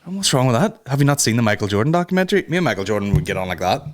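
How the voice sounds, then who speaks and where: A man's voice: mid-range voice, very fast. A man hosting a comedy podcast, joking, swearing and acting out silly voices in casual banter. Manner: animated, swearing, acts out voices. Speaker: podcast host.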